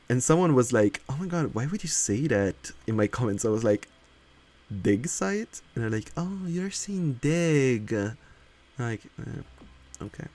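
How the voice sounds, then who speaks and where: While building in a game, a streamer who isn't a native English speaker chats casually, laughs often, and reads chat aloud. His voice is lowish and a touch mellow.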